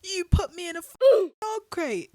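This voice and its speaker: A woman's voice: extremely high pitch, sing-song, normal speed, background noise, voice pushed up. Woman doing a shrieking furious British girl. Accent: put-on British. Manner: shouting insults, theatrical. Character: furious young woman, scathing and shouting.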